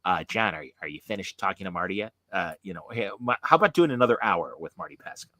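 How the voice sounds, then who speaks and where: Guy mimicking a hesitant teasy dude, nasal eh sound, lower and quick, sounds a bit off-mic. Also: animated, pushed and bright, no echo. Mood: teasing. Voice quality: little nasal "eh" in the voice. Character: hesitant, mildly impatient man teasing a talkative host.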